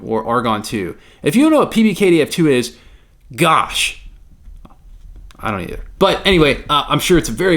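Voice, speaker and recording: A man talking through compliance requirements in a casual, joking explainer style. His voice sits in an ordinary middle pitch. He mixes plain instruction with wisecracks and quick asides to the viewer. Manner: joking, conversational. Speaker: compliance consultant. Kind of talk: explainer video.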